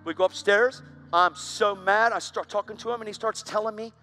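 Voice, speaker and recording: A man's voice: high-pitched, fairly even intonation, fairly quick, bright, forceful tone, faint music behind. A man preaching, telling his own story in an intense, dramatic way. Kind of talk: sermon testimony.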